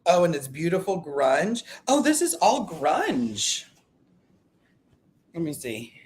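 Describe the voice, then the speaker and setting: A man hosting a casual live stream chat, talking in an excitable, rambling way and often breaking off mid-sentence. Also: a little high, slow pace. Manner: chatty, excitable, self-interrupting. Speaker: livestream host.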